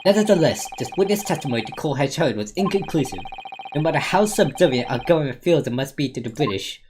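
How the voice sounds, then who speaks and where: A woman streamer voicing a solemn judge who speaks in grave, measured declarations. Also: low voice, animated, noisy background. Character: solemn courtroom judge, man.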